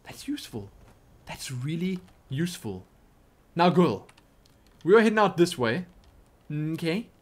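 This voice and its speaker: Male gamer, lively swooping voice, pitched a bit high, jokey and excitable commentary. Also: a little slow, pauses often. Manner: excitable, exclaiming, chatty and jokey. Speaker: let's play gamer. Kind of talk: live gameplay commentary.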